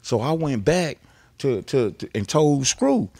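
Gravelly man telling stories excitedly. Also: medium pitch, unhurried, no echo. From Texas. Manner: restless storyteller who repeats words and swears freely. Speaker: interview guest. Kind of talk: animated storytelling.

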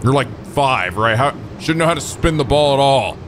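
Excitable cursing gaming commentator man. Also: medium pitch, normal speed, noisy background. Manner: profane, excitable, mock-angry trash talk. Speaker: let's play host.

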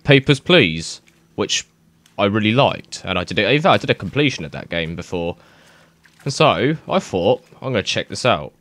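A young man talks through a game in loose let's-play commentary, rambling and excitable. His lowish voice swoops up and down with lively pitch. He swears freely and thinks out loud as he goes. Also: moderate pace, no echo. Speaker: gaming YouTuber.

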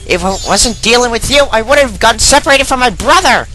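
A pushy young fairy girl barks orders in a high, lively voice, as a man raises his voice to play her. She is impatient and bossy, and her tone is bright and tense. She sounds like a game figure read aloud for a let's play. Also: brisk, soft background music, full character voice, poor audio. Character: bossy sharp-tongued young female fairy. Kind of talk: reading game dialogue aloud.

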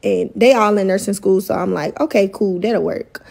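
Gravelly young woman ranting a story. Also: mid-range voice, a little mellow. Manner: heated, profane, fast-rising outrage. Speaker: storyteller in a viral clip. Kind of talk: casual storytime rant.

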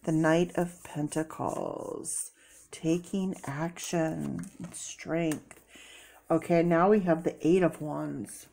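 A woman giving a casual tarot reading, chatty with many fillers and sudden excited bursts. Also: low voice, takes it slowly, creaky, a little hiss or hum. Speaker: tarot reader.

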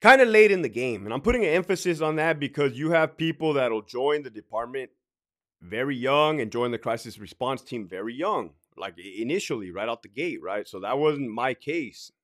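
Profane, animated man telling a story. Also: mid-range voice, normal speed. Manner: profane, rambling, keeps tagging "right?". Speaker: prison sergeant and veteran telling his career story. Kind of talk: casual storytelling vlog.

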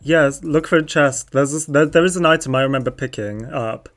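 This is a young adult streaming a game with a friend, chatting loosely and laughing often. The tone is playful and teasing, and the pitch sits squarely mid-range. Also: brisk. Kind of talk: casual gaming chat.

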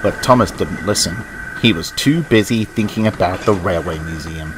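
A man narrating a children's railway story in an expressive reading voice. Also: low voice, moderate pace, background noise.

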